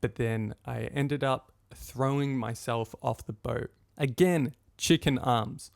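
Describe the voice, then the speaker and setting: Gravelly young man telling a story. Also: mid-range voice, slow pace, no echo, studio quality. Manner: animated, acts out quotes of friends and his own past thoughts. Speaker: podcast host. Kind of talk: personal storytelling monologue.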